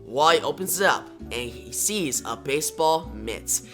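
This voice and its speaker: A man's voice: on the high side, expressive, measured pace, pushed and bright, soft background music. A man casually retelling a comic book story in the present tense and reading every line of dialogue himself. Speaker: comic book recap narrator.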